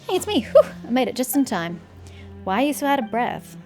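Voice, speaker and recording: A woman's voice: fairly high pitch, big pitch swings, a little fast, darkish tone, soft background music. A woman reading the lines of a flustered, hapless man in a video game.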